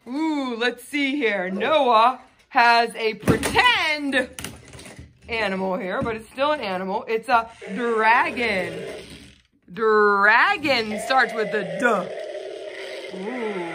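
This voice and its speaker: A woman's voice: on the high side, lively intonation, slow, a bit bright. A woman teacher giving a phonics lesson to a child, patiently sounding out letter sounds.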